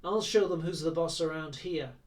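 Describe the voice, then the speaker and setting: Male reader doing a sulky, imperious boy prince, raised pitch, slightly off-mic. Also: moderate pace, distant mic, lightly acted. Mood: menacing. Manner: imperious, sulky, flares up indignantly. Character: haughty, petulant teenage boy prince.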